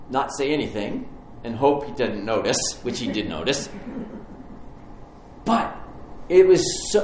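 A man preaching a sermon, telling a personal story with lively restarts and repetitions. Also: medium pitch, reverberant, a little hiss or hum, poor audio. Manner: storytelling, animated, stumbling restarts. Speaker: pastor.

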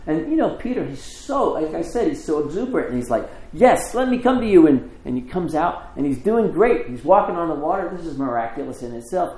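Animated male preacher in an echoey room. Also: medium pitch. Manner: animated storytelling with acted quotes, conversational asides. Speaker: pastor. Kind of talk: sermon.

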